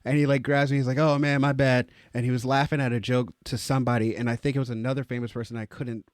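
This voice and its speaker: A young man co-hosting a podcast, telling casual stories with lots of swearing and sudden high, exclaimed quotes. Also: little pitch movement, rapid-fire, a little mellow, no room sound, studio quality. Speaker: podcast co-host. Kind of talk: casual storytelling.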